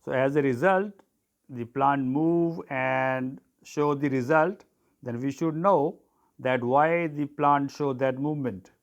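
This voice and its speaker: A man's voice: mid-range voice, slow pace, highs cut off. A man teaching an online biology lesson, dictating terms for students to write down and spelling them out.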